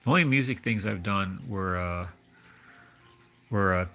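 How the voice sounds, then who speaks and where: A man's voice: low-pitched, measured pace, bright, forceful tone. A man hosting a livestream, chatting casually in a rambling, hesitant way with many restarts. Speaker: livestream host. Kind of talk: casual chat.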